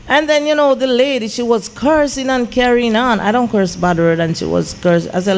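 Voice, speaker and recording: A woman's voice: a little high, a little fast, hardly any pauses. A woman, a gospel singer and songwriter telling an emotional story as an interview guest, with lots of "I said" retellings. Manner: animated, repeats "I said" when retelling.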